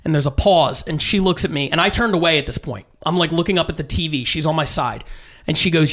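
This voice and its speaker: Animated storytelling comedian, slightly high voice. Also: male voice, a little fast. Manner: animated, acts out quotes with swearing. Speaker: stand-up comedian guest. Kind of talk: casual storytelling.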